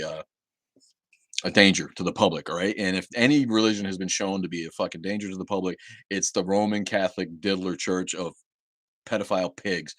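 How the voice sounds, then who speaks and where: A man's voice: lowish voice, a bit bright, no room sound. A man hosting his own livestream, talking heatedly and with lots of swearing, often repeating and restarting words. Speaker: livestream host. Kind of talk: angry livestream rant. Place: home livestream setup.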